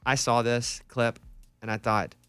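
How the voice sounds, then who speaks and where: A man hosting a casual morning radio show, telling animated stories and acting out shouted quotes. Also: medium pitch, unhurried, clean tone, dry recording. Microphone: studio microphone.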